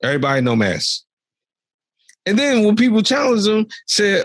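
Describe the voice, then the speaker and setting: A man's voice: high voice, sing-song, brisk, slightly rough, no echo. A young adult man co-hosting a podcast, ranting animatedly about politics in exasperated casual commentary. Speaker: podcast co-host.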